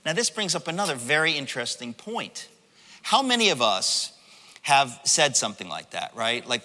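A male pastor preaching in a church sanctuary, with a voice that is bright and a little higher than most men's. He talks in an animated, conversational way and keeps acting out the story. His voice carries a long reverb from the hall. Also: moderate pace. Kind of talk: sermon.

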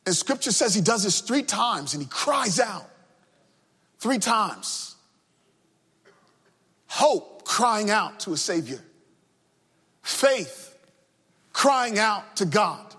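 A man preaching a sermon with impassioned delivery, sung cadences and shouted refrains. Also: high-pitched, sing-song, slow pace, long pauses, breathy edge. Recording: long hall reverb.

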